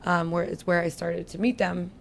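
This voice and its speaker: A candid, chatty woman with a lowish voice talks about her work in a relaxed sit-down interview. She laughs easily and keeps an easygoing tone, and there's a faint hiss under the recording. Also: moderate pace, gravelly. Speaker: bar beverage director. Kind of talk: casual interview chat. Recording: faint background noise.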